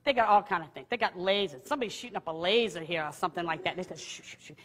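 Animated storytelling woman in a reverberant hall. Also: very fast. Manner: animated, laughing, high excited outbursts. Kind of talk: testimony storytelling.

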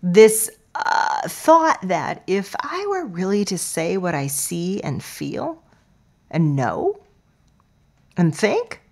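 A woman hosting a podcast, talking in a playful, expressive way and sometimes dropping to a soft near-whisper. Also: on the low side, slow pace, vocal fry. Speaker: podcast host. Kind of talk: podcast intro monologue.

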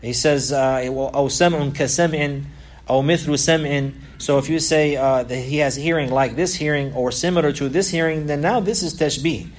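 This man's voice is on the high side. He's teaching a religious lesson that explains a classical text, often repeating or restarting phrases and reading quotations at speed.

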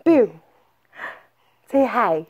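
A middle-aged grandmother in slow, soft, sing-song baby talk, coaxing an infant. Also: on the high side, sing-song.

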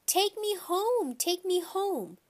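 A woman reads as a small, frightened boy from a children's storybook, wailing in a voice pushed far above her own. His cries come out high and shrill. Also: sing-song, slow pace, full character voice. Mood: screaming. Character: frightened little boy, small, always crying.

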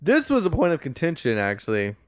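A man's voice: a little high, huge pitch swings, a little fast, no room sound, studio quality. A man co-hosting a podcast, recapping a movie in casual, sarcastic, profane chat. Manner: sarcastic, profane, laughing at his own jokes. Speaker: podcast co-host.

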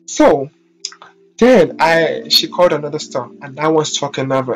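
A man's voice: fairly high pitch, expressive, a little slow, soft background music. A man telling a storytime vlog about work, sassy, dramatic and full of swearing. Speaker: vlogger, hairstylist.

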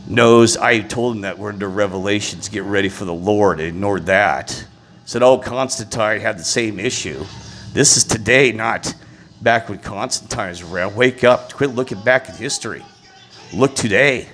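A man on a passionate, indignant religious rant, repeating his exasperation and rising to loud peaks. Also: on the low side, normal speed, faint music behind. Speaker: vlogger.

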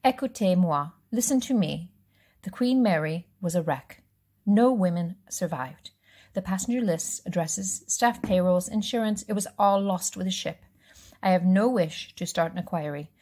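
A woman's voice: on the low side, moderate pace, dark tone, natural voice. A woman reading aloud voices a smug, menacing male police commissioner with a put-on French accent. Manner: smug, threatening, clipped.

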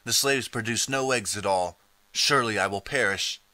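A man's voice: on the low side, moderate pace, no echo. A man reading a spoiled, cruel alien emperor. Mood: mournful. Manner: speaks quietly and thoughtfully, turns irritable. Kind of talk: audiobook character reading.

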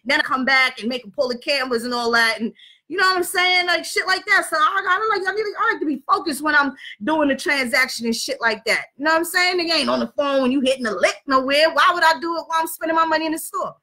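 A woman telling a story and ranting in a blunt, profane, animated way. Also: sits high. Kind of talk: casual rant and storytelling.

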